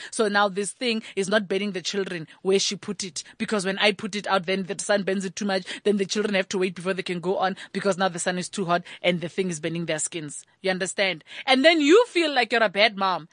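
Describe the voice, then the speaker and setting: A South African woman, a mother of several children, doing a sassy, animated comic rant full of rhetorical asides. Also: medium pitch, a little fast, hardly any pauses, dry recording, clean studio sound.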